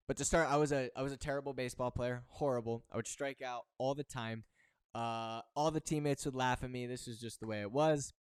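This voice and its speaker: A man's voice: mid-range voice, clear, resonant tone, no echo, clean studio sound. A man hosting a motivational talk for his members, speaking emphatically and repeating words as he builds a point. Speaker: football recruiting coach and host.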